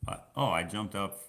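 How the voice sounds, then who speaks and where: A man rambling through a casual live-stream chat with viewers, self-deprecating and quick to laugh. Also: on the low side. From Canada. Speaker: vlogger answering live chat.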